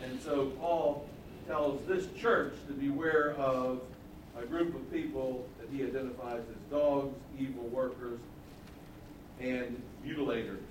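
A male pastor teaching a sermon in a conversational way, asking the congregation questions and stressing repeated words loudly. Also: mid-range voice, fairly even intonation, measured pace, distant mic, noisy background. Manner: conversational Bible teaching, rising to emphatic repetition. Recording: echoey room, voice from off-mic.

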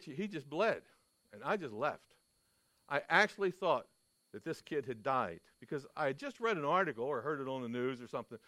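Emphatic preacher man, higher voice. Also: a bit bright, no echo. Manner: emphatic, storytelling, asks the audience questions. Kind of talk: sermon.

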